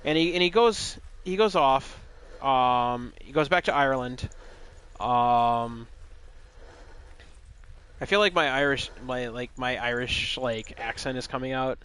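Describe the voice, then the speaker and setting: A man's voice: mid-range voice, expressive, slow, a bit bright, clean tone. A man streaming a game live, retelling a story in a loose, rambling, joking way with plenty of swearing. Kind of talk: casual live gaming commentary.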